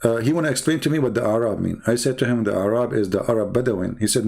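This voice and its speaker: Man, English, heated rant, mocking, insulting, average pitch. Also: quick pace, creaky, hardly any pauses, a little mellow. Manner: scornful, insulting, mocking laughs. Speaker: online debate speaker. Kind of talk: heated ranting monologue.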